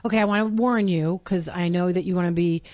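A woman's voice: on the low side, fairly even intonation, brisk, a little mellow, dry recording. A woman from Minnesota hosting a talk show, gushing and enthusiastic and laughing often. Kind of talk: casual talk show interview. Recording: dull muffled broadcast audio.

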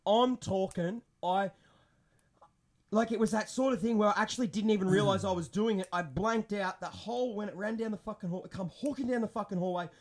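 A young man telling a story in casual podcast chat, animated and swearing constantly. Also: high voice, brisk. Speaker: podcast co-host.

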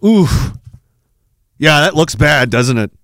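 A man's voice: a little high, lively intonation, slow pace, fairly bright tone, no echo. Joking, rambling male stream host. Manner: rambling, joking, laughs often. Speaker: podcast host reading viewer messages. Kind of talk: casual live-stream chat.

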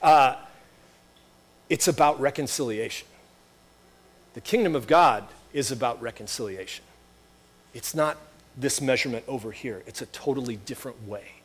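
A man's voice: medium pitch, normal speed, long pauses, husky. A man preaching a sermon as pastor, conversational, with rhetorical questions and wry asides.

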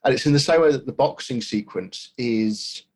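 Husky man chatting about films. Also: mid-range voice, moderate pace, a little mellow. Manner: hesitant, many restarts and fillers. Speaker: podcast co-host. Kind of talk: casual film discussion.

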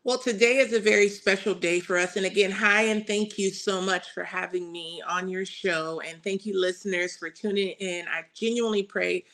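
A woman answers interview questions in a mid-range voice. She is earnest and speaks with faith. She gets excited easily as she explains. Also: medium pitch, moderate pace, hardly any pauses. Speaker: guest, publishing CEO.

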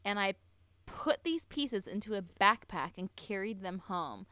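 Bright-voiced woman telling true crime. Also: medium pitch, lively intonation, a little slow, no echo, clean studio sound. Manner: blunt and profane, with many fillers. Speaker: podcast co-host telling a true-crime story. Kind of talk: casual true-crime podcast chat.

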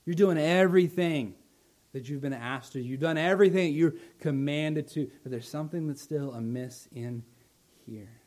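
A male pastor preaching a sermon, building to loud emphatic lines, then dropping soft and slow. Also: on the high side.

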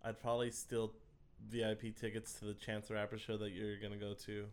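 A man's voice: fairly low pitch, monotone, fairly quick, clear, resonant tone. A man co-hosting a podcast, talking in casual crude banter, laughing often and restarting his sentences. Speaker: podcast co-host.

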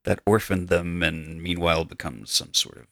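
A man's voice: low voice, steady tone, moderate pace, gravelly, a bit bright, no room sound, studio quality. A man on a podcast panel, telling a joking story in casual chat. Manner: playful, spins a joking story.

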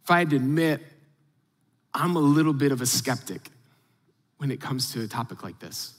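A man's voice: mid-range voice, lively intonation, normal speed. A male pastor preaching a sermon in a casual, conversational way to a church audience. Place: large church auditorium. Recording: hall reverb.

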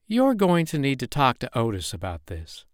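A man's voice: mid-range voice, wildly swooping pitch, normal speed, dry recording, studio quality, voice pushed up. A man voicing a young woman on a jungle getaway, incredulous and teasing, lightly raising his voice for her. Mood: curious.

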